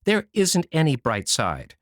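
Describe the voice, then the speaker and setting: A man's voice: a little high, huge pitch swings, measured pace, no echo, clean studio sound. A man reading a storybook voices a grim, sour old woman with a scornful, pessimistic manner. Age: fifty-seven.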